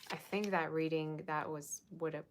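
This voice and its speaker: A woman with a low voice talks her viewers through a tarot spread. She is chatty and casual, drops slang and fillers, and thinks out loud as she goes. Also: fairly even intonation, moderate pace, a little hiss or hum. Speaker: tarot reader.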